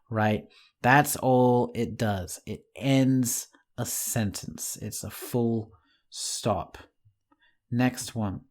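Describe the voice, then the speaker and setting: A man teaching an online English lesson in a friendly, patient way, speaking slowly and clearly to the viewer. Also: mid-range voice, darkish tone.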